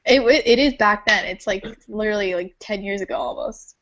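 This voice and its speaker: A woman's voice: mid-range voice, brisk, fairly bright tone. A woman in her late teens, rambling and giggling through stories in a casual group chat on a cell phone. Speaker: community call participant. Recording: dull lo-fi phone audio.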